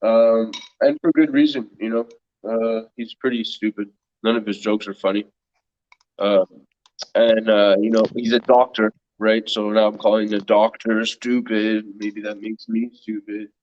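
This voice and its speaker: A man's voice: lowish voice, little pitch movement, unhurried, lo-fi sound. A man hosting a casual podcast, talking bluntly and mockingly and swearing freely. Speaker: podcast host. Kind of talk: casual chat.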